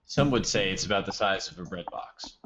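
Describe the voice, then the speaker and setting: A man's voice: sits low, a little fast, background noise. A man playing a tabletop game, asking rules questions in casual talk. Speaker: player. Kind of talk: casual tabletop role-play. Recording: dull, muffled lo-fi mic.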